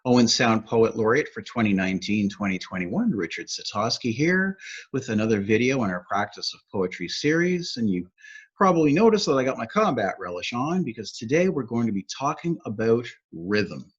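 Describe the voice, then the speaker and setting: A husky-voiced man teaches poetry and sounds out the beats as he explains them. His tone is upbeat and explanatory, and the recording sounds dull and lo-fi. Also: mid-range voice, big pitch swings, moderate pace. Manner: upbeat, explanatory, taps out rhythms aloud. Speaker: poet laureate teaching poetry. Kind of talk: educational video talk.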